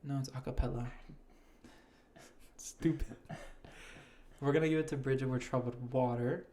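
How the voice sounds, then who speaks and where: Laid-back young man, mellow voice. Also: mid-range voice, fairly even intonation, slight background noise. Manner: casual, swears freely, reads names slowly. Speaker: podcast host. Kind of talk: casual chat reading award nominations.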